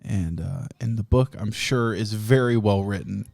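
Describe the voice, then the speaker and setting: A man's voice: lowish voice, unhurried, creaky, darkish tone. A man hosting a podcast, telling rambling, profane comic stories and laughing often. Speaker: podcast host. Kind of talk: casual comedic storytelling.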